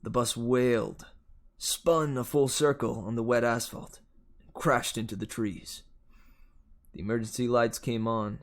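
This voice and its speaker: A man reads a novel aloud in a steady first-person voice. His pitch sits at an ordinary middle level for a man. The delivery is plain and even. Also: a little slow. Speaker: audiobook reader.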